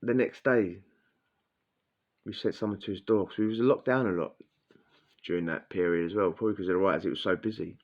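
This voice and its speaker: A man's voice: deep voice, fairly quick, long pauses. A man telling a blunt, crude prison story in casual slang, acting out what people said. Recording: dull lo-fi sound.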